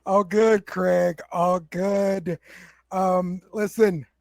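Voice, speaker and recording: A man's voice: high voice, level tone, drawn-out words, vocal fry, darkish tone, no echo, clean studio sound. A man hosting a casual sports chat show, laid back, often repeating words and laughing. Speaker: podcast host.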